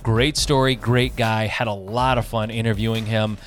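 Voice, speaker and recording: A man's voice: fairly low pitch, fairly even intonation, normal speed, faint music behind. Upbeat chatty male podcast host. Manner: upbeat, chatty, many fillers. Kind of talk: casual interview.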